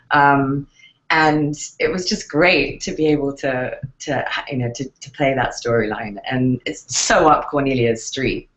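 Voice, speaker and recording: Woman, English accent, interview guest, reflective, hesitant fillers, slightly muffled audio. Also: rumbling low. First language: English accent in real speech. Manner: thoughtful, hesitant, many fillers and restarts. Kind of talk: relaxed interview answers.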